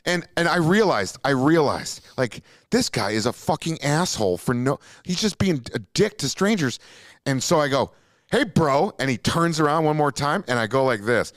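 Pitched on the high side and speaking at a moderate pace, a Minnesota podcast host comes through in studio quality with no echo. His long story is casual and profane, delivered animatedly with sudden acted-out quotes.

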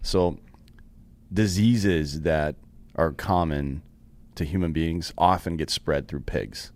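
Brief: very low-pitched male co-host, sardonic, swears casually. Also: slow pace. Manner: sardonic, profane. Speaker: podcast co-host. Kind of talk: casual podcast talk. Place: podcast studio.

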